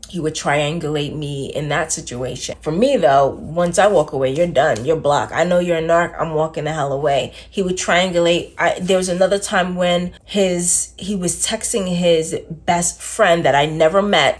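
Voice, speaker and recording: A woman vlogger telling her own story to camera in a casual, blunt, emphatic way, with lots of "like" fillers and slang. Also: lowish voice. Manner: emphatic, candid, frequent "like" fillers. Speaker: self-development vlogger.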